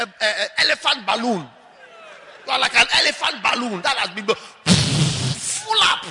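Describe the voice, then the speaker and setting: A man preaching a lively, mocking, humorous sermon, often mimicking people. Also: very high-pitched, vocal fry, in a large hall.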